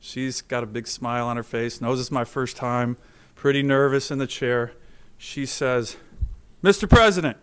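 A man's voice: mid-range voice, little pitch movement, moderate pace, clear, resonant tone. A middle-aged man, a senator, giving a formal speech to a legislative chamber, telling anecdotes with self-deprecating jokes.

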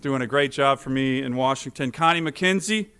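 A man's voice: mid-range voice, normal speed, pushed and bright, smooth. A middle-aged man, a senator, giving a formal speech to a legislative chamber, telling anecdotes with self-deprecating jokes.

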